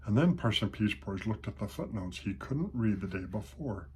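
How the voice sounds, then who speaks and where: An older man reading a children's picture book aloud to his grandchildren, slow and gentle. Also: on the low side, animated, husky.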